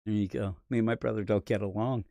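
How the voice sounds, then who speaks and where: An American man co-hosting a casual live-stream chat, telling stories in an animated way and slipping into put-on voices. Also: fast, creaky, music in the background. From United States. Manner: animated storyteller, breaks into high put-on voices. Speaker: podcast co-host.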